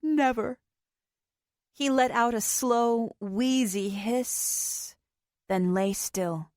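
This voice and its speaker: A woman narrating a post-apocalyptic audiobook in a slow, even storytelling voice. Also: a little high, no room sound, studio quality. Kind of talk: scripted narration.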